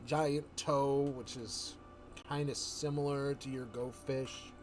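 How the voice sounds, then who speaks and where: A man on a livestream telling a story in a loose, rambling way, often correcting himself and slipping into quick voices for the characters. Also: mid-range voice, fairly even intonation, faint music behind. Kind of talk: casual storytelling chat.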